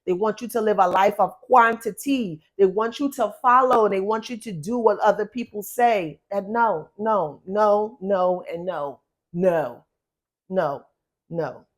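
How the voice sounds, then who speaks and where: A woman's voice: mid-range voice, a little slow. A woman giving a spoken tarot reading to her viewers, blunt and emphatic, repeating words and swearing for stress. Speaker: tarot reader.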